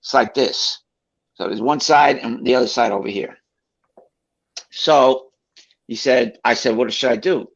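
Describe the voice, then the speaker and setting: A man's voice: mid-range voice, unhurried, vocal fry, pauses often. A man telling a personal story in a casual way, acting out the voices of the people in it. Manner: animated, acts out quoted voices. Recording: dull lo-fi sound.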